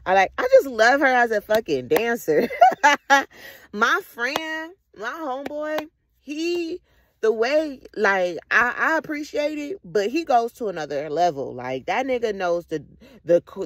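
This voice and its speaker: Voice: medium pitch, sing-song, a little slow, fairly bright tone, a little hiss or hum. A vlogger talking through a casual, rambling reflective monologue full of slang, swearing and frequent laughter.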